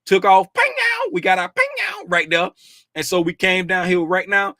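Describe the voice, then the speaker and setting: A middle-aged man talks through futures charts on a casual livestream. His voice sits high and sounds bright, and he keeps it loose and slangy, greeting the chat and laughing along. The sound is dry, with little room echo. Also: wildly swooping pitch, normal speed. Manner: chatty, greets viewers by name and laughs often; easygoing slangy talk. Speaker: livestream host reviewing futures markets. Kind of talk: casual livestream market commentary.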